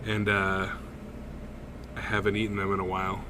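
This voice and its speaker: Against a noisy background, a man on the low side co-hosts a podcast, telling a story at a moderate pace with lots of swearing, laughter, and animated energy in casual chat.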